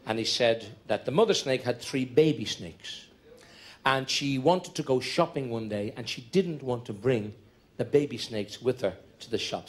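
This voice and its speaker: A middle-aged Irish man telling long comic stories on stage in a chatty, conspiratorial way, building jokes through repetition. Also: mid-range voice. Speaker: stand-up comedian. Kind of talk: live stand-up storytelling.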